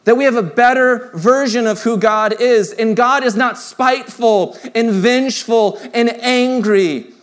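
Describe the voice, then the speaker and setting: A man with a notably high voice delivers a sermon to a church congregation. His preaching is conversational and personal. For the tender lines he sinks into a soft, hushed delivery. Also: unhurried, hardly any pauses. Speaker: pastor.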